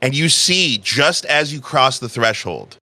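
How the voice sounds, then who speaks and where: Man game master, bright voice, slow dramatic narration, dry close mic. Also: mid-range voice, animated, dry recording.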